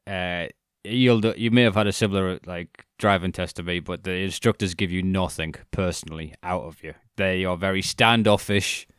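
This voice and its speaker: A man's voice: sits low, a bit bright, no echo, clean studio sound. A young man telling a comic story on a podcast, swearing freely and laughing at himself. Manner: sweary, self-mocking, laughs through his stories. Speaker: podcast co-host.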